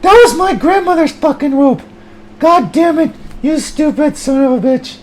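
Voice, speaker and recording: A man voicing a shrill, hot-tempered man who screeches curses and insults. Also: animated, normal speed, a little hiss or hum. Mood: furious.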